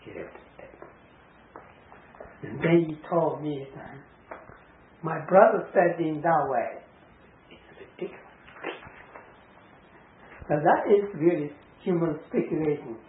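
Slow, halting man giving a dharma talk. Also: a little hiss or hum. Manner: halting, many fillers and restarts, swings up high for emphasis. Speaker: Zen teacher. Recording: echoey room over a tinny phone-like line.

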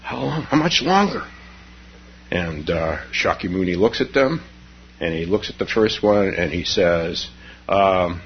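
A man's voice: deep voice, lively intonation, a little slow, slight background noise. A man teaching meditation on retreat, telling stories in a rambling way with frequent chuckles. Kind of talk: dharma talk on retreat. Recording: dull lo-fi recording.

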